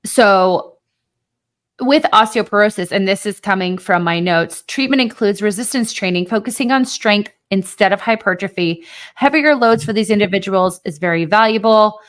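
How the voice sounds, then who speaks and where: A woman podcast host in casual, chatty conversation. Her pitch sits in the middle for a woman, and she talks with lively emphasis, dropping in the odd swear word. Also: normal speed.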